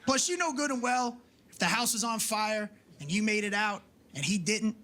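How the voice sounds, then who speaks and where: A man doing a stand-up comedy set, brash and profane, mocking and shouting for punchlines. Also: sits high, moderate pace. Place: comedy club stage with a laughing audience. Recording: live club recording with audible crowd ambience.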